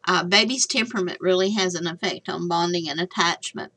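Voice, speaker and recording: An older woman talks through a recorded lecture on her slides. She is chatty and folksy and drifts into asides. Her voice sits a little low but sounds bright and forceful. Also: a little fast. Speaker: nursing instructor.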